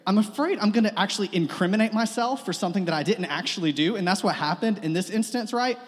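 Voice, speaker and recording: A young man gives a sermon in a relaxed, joking storytelling manner, sprinkled with fillers and asides. His voice sits high for a man. The sound rings with the long reverb of a church hall. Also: fast. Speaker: pastor.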